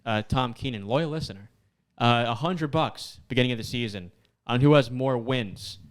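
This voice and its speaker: A man's voice: mid-range voice, normal speed. A man co-hosting a casual sports chat, teasing and laughing along with the others. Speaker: co-host.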